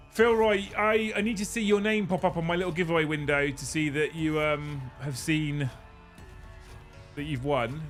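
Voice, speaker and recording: A young man with a fairly high-pitched voice runs a live stream. He banters with his chat, swears casually and breaks into laughs, with faint music under him. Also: steady tone, a little slow, long pauses. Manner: joking, swearing, thanking viewers, laughing a lot. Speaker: livestream host.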